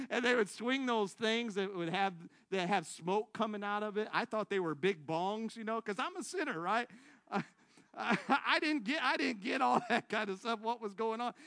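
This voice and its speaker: A man preaching a testimony sermon to a congregation, telling his story with laughs and self-mockery, swinging between loud excited bursts and quiet low asides. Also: normal speed, gravelly, no room sound. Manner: animated, self-mocking, laughing through the story.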